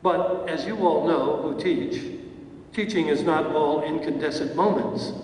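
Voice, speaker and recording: A man's voice: fairly high pitch, unhurried, darkish tone, a little hiss or hum. A man, an acting teacher, telling stories in an awards ceremony acceptance speech with hesitant fillers, heard from far off in an echoey hall. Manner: anecdotal storytelling with hesitant fillers. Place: large event hall.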